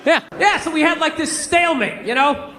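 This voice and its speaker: A man's voice: extremely high pitch, moderate pace, sharp tone, a faint crowd, a little hiss or hum. A man performing a stand-up set, ranting in an exasperated, profane way. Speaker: stand-up comedian. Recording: live show with audience laughter.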